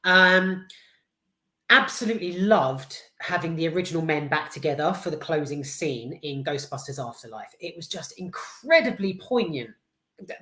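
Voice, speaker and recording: A woman's voice: on the low side, a bit bright, echoey room. A British woman giving a casual, blunt film review, full of swearing, restarts and fillers.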